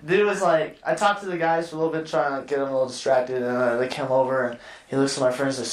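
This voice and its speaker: A man's voice: medium pitch, fairly even intonation, fast talker, echoey room, distant mic, a little hiss or hum, low-quality recording. A man hosting a podcast, telling a story in a rambling, swearing way. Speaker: podcast host. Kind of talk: casual storytelling chat.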